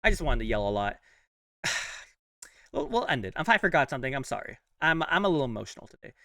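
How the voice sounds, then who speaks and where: Hoarse young guy ranting about his team, bright lively voice, a bit off mic, dry room. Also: medium pitch, fast, no room sound, far from the mic. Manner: blunt, heated ranting with filler words. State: hoarse, worn-out voice. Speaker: sports channel host. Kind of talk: fan commentary vlog.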